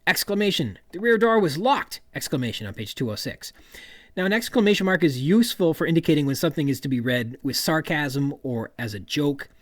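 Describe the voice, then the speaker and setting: Fairly quick and fairly high-pitched, a male podcast host gives a literary analysis of a novel, reading out quoted passages and then explaining each one with lively emphasis. The audio is studio quality, free of room sound.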